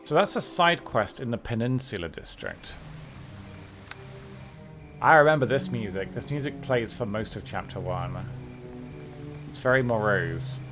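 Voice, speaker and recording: A man's voice: medium pitch, animated, a little slow, long pauses, fairly bright tone. A man streaming a video game, giving casual commentary in a dry, offhand way, with some swearing. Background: game music.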